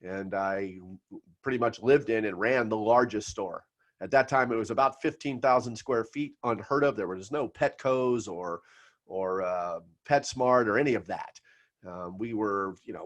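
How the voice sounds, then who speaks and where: A middle-aged man speaks to a room of financial advisors in a seminar talk. He tells stories and makes his points with emphatic pauses, at a medium pitch. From South Florida.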